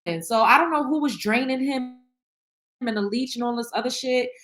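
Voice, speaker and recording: Talking to camera at a moderate pace, a woman with a slightly high, bit-bright voice hosts a candid reaction vlog of her own. She rambles emotionally and bluntly, swears freely, and keeps restarting with lots of fillers.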